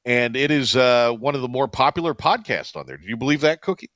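A man's voice: medium pitch, animated, a bit bright, no room sound. A man hosts a sports radio show in an easygoing, rambling way, stopping and restarting often. His voice sits in the middle of the range. The sound is close and dry, with no room around it. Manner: rambling, halting, many fillers and restarts. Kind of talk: casual sports radio chat.

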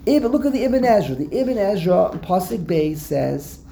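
A woman's voice: mid-range voice, big pitch swings, normal speed, creaky, a crowd in the background. A woman teaching a Torah text class, explaining word by word, repeating herself and acting out the verses she quotes.

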